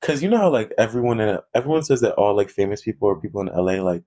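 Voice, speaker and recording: A man's voice: on the low side, animated, rapid-fire, dark tone. A young man co-hosting a podcast, telling stories in loose, profane chat and laughing often. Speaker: podcast co-host. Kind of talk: casual chat.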